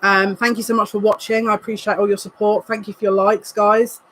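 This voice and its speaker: A woman, a psychic reader, giving a live card reading to viewers in an excitable, emotional way, full of quick asides. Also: medium pitch, a little hiss or hum, low-quality recording.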